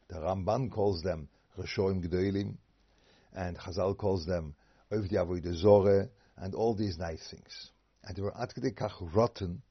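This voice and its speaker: Gravelly rabbi, low voice. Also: male voice. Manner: animated, rhetorical, acts out voices. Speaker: rabbi giving a Torah talk. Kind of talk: informal Torah lecture. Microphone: video call. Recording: dull lo-fi video call audio.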